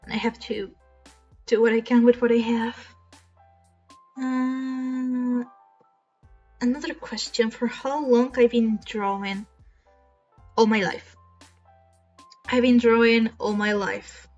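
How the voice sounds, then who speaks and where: A woman's voice: steady tone, takes it slowly, long pauses, a little mellow. A woman chatting casually while streaming, self-deprecating and rambling. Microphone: cheap desk mic. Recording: dull low-quality mic with faint music. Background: faint background music.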